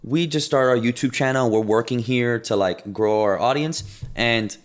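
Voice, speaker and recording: A man's voice: medium pitch, moderate pace. A man co-hosting a casual talk show, speaking emphatically and reading out news headlines. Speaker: podcast co-host. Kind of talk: casual chat.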